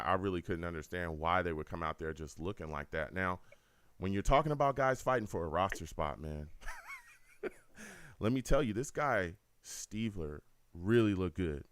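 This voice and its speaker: A man's voice: low voice, smooth, no room sound. A man hosting a live call-in sports talk stream, talking in an emphatic way. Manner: animated, emphatic. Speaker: host.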